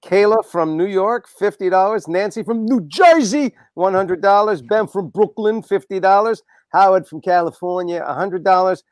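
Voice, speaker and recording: A man's voice: high voice, lively intonation, moderate pace, few pauses, no echo. A man on a video call reading out a list of donations with playful asides. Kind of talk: casual chat on a video call.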